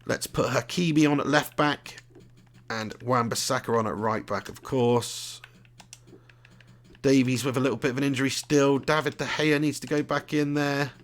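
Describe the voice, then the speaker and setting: The streamer's mid-range voice has fairly even intonation and a normal speed. Hailing from southern England, he laughs often as he chats casually and commentates his live gameplay.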